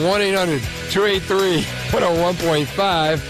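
A man's voice: high-pitched, over music. A man with a New Jersey accent hosting a radio call-in show, teasing his co-hosts and callers and laughing often. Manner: joking, teasing, quick to laugh. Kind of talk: lively radio banter. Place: radio studio.

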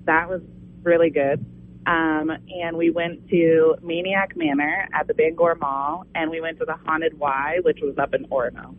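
A man phones in to a morning radio show, his slightly high voice squeezed thin by the phone line. He answers in short, shy bits. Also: flat delivery, a little slow, slight background noise. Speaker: caller.

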